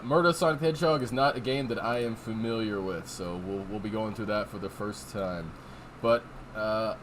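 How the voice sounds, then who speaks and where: A man's voice: medium pitch, fairly bright tone, slight background noise. Rambling, profane male streamer. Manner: rambling, profane, reads chat aloud. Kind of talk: casual livestream chat. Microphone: desk microphone.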